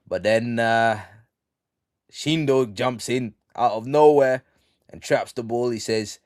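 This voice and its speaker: A man casually recapping a manga chapter on a live stream, slangy and full of ums, reading the quotes out flat. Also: fairly low pitch, takes it slowly, clear, resonant tone, dry recording, studio quality. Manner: slangy, reads out quotes flatly, many ums.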